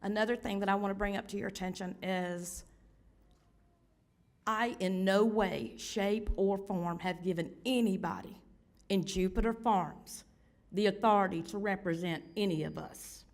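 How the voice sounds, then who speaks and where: A woman recovering from a lost voice, giving forceful, indignant public comment at a county zoning hearing. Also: medium pitch, normal speed.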